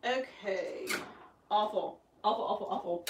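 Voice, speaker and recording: A woman's voice: medium pitch, measured pace. A woman, chatting casually on a live stream from her embroidery workroom and answering viewer comments, often calling herself dumb. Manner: chatty, self-deprecating, reads out viewer comments. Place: home craft workroom with a sewing machine running. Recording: roomy echo, distant mic, faint noise.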